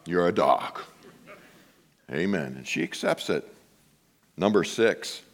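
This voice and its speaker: Middle-aged male pastor, lowish voice, lively preaching storyteller, jumps from quiet asides to big outbursts. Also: slow pace, pauses often. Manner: animated storytelling, swings from hushed asides to loud exclamations. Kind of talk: sermon with personal story.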